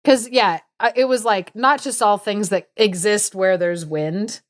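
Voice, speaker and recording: A woman co-hosting a podcast, chatting casually as she retells a folk tale, animated and full of quick asides. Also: mid-range voice, dry recording, studio quality. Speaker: podcast co-host.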